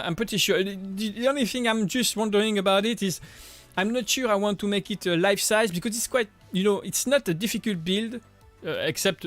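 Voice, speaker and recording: A man in his thirties with a French accent, hosting a livestream and chatting casually with viewers, friendly and upbeat, halting with many restarts and repeated words. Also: sits high, fairly bright tone. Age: 30s. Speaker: livestream host.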